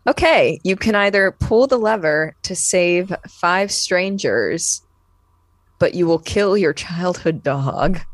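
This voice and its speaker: A woman's voice: lowish voice, dry recording. A young woman co-hosting a casual chat podcast, earnest and frank, swearing casually as she argues her point. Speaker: podcast co-host.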